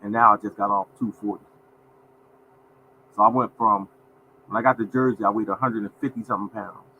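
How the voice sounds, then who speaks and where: Hosting a casual livestream, a man in his fifties talks a little fast, with a voice on the low side and fairly even intonation. The audio is narrow and tinny with slight background noise. He comes across as folksy, repeats phrases, and calls out to viewers as "y'all."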